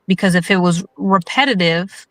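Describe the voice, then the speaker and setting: A woman's voice: on the low side, normal speed, a bit bright, no room sound. Rambling New York woman, slight Southern twang. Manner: rambling, loses her thread, restarts sentences. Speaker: guest. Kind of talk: casual chat.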